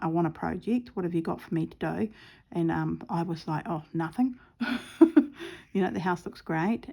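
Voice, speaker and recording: A woman's voice: fairly low pitch, creaky, warm tone. A middle-aged woman chatting casually at home while stitching, telling a rambling story with lots of ums. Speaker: craft vlogger.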